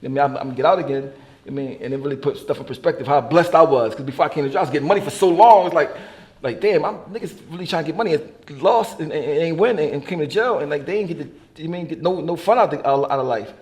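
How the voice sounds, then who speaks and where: Fast-talking high-voiced man telling stories. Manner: rapid, animated, profane, laughs while telling stories. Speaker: artist being interviewed. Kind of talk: casual storytelling chat.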